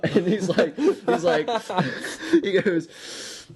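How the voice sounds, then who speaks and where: A man's voice: high-pitched, slow, few pauses, husky. Young man telling a story, laughing. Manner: animated, laughing often. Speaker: podcast co-host. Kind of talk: casual chat, storytelling.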